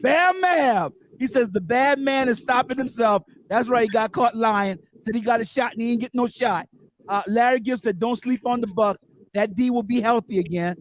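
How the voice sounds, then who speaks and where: A male host of an online sports talk show, bantering loudly and reading out viewer comments. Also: very high-pitched. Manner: loud, joking, quick to banter. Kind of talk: casual sports chat.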